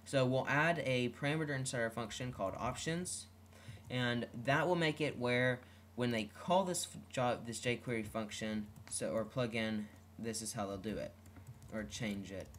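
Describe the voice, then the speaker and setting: A man's voice: medium pitch, normal speed, fairly bright tone. Guy doing a screen-recorded coding tutorial, lots of ums and restarts, regular mid voice, bit of hiss behind. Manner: unscripted, talks through each step, frequent ums and self-corrections. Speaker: web development tutorial host.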